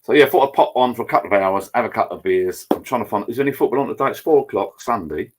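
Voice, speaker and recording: Middle-aged man, very low voice, loose rambling live-stream host. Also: animated, rapid-fire. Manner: rambling, chatty, greets viewers by name. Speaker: channel host. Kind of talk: casual live-stream chat. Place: home garden bar. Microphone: laptop.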